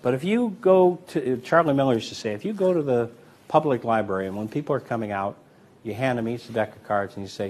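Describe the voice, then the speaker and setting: Man calmly explaining card sleights. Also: medium pitch, fast. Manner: relaxed, explanatory, talks while demonstrating. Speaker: magician teaching card sleights. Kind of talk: instructional demonstration.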